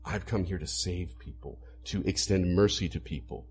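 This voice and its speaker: A man preaching a sermon to a congregation, animated, acting out quoted lines as he explains. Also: fairly low pitch, normal speed, hardly any pauses. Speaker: pastor.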